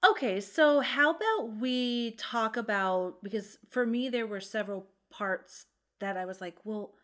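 Chatty mom podcast co-host. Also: female voice, on the high side, a little slow, fairly bright tone. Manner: chatty, self-deprecating, filler "um"s. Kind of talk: casual chat.

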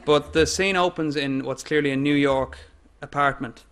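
A man with an Irish accent giving an academic lecture in a measured way, with fillers and restarts. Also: on the high side, steady tone, a bit bright, clear, resonant tone. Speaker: guest lecturer.

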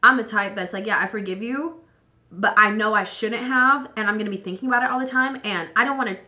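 A young woman vlogging, tipsy and a little hoarse, chatting loosely and with plenty of swearing while doing her makeup at home. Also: on the high side, fast talker, bright, forceful tone. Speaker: beauty vlogger.

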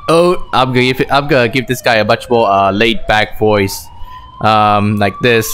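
A man's voice: lowish voice, fairly even intonation, normal speed, fairly bright tone, a little hiss or hum. A man giving chatty, self-mocking let's-play commentary as a gaming YouTuber, thinking aloud.

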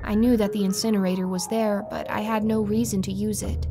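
A woman narrating a horror story in the first person with an even, steady delivery. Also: medium pitch, fairly quick. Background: faint music.

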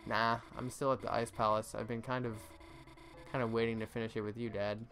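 A man voicing a shy, gentle teenage reindeer girl from a video game. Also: medium pitch, flat delivery, brisk, soft background music, close to an everyday voice. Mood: sheepish.

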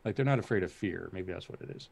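A man appearing as a guest game designer in a casual podcast chat, relaxed with easygoing humor. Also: sits low, quick pace, gravelly.

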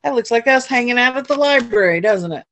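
A woman librarian reading a picture book aloud at a library storytime, pausing for chatty asides to children. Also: on the high side, lively intonation, fairly bright tone. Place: public library.

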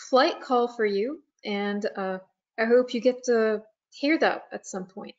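A woman on the staff of a nature preserve giving a webinar presentation, talking slowly with frequent fillers and pauses. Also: on the high side, muffled recording. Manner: slow, hesitant, many fillers.

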